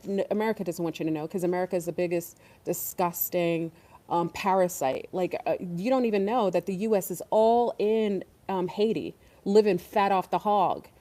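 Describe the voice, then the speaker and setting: A woman's voice: medium pitch, normal speed, dark tone. A woman hosting an online talk stream, rambling and emphatic, with many fillers. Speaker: online show host. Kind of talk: casual livestream talk.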